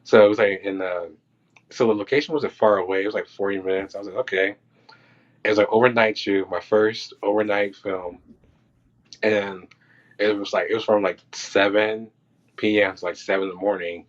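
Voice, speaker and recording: Man, low voice, loose animated storyteller; muffled lo-fi recording. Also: normal speed. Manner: loose and animated, acting out quotes and reactions. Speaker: podcast guest, film crew electrician. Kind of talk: casual storytelling. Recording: dull lo-fi sound.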